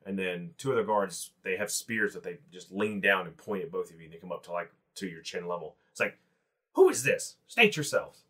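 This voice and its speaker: A man's voice: low-pitched, steady tone, a little fast, hardly any pauses, sharp tone. A man narrating a tabletop game as game master, in a rambling, easygoing way. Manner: rambling, full of restarts and fillers.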